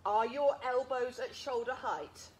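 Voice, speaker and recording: A woman's voice: a little high, unhurried, slight background noise. A woman leading a live workout class, counting reps, cueing moves and encouraging everyone while a bit out of breath. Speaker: fitness instructor. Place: outdoors.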